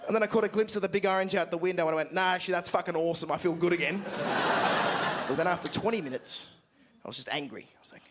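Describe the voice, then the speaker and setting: A young Australian man in his twenties performing a stand-up comedy set, telling a story with lively acted-out voices and frequent swearing. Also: sits high, rapid-fire, very noisy. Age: 20s. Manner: animated storytelling, acts out voices, swears freely. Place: large theatre stage with an audience.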